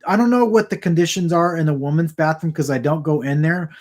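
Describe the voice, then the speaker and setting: Guy rambling at his camera a few feet off, kinda high voice, lots of restarts and repeats. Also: fast. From Southern California. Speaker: vlogger talking to camera. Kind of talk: casual rambling chat. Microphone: camera about four feet away.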